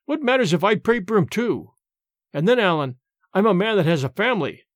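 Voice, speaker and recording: A desperate Highland man, voiced by a male reader, pleads with earnest urgency in a storybook reading. The voice rises high and swings widely in pitch. The sound is dry and close. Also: big pitch swings, fairly quick, no room sound. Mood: pleading.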